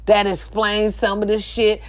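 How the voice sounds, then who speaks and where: A middle-aged woman, delivering a fiery, profane monologue that climbs to shouts. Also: medium pitch, completely flat delivery, unhurried. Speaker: social media host. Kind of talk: impassioned monologue.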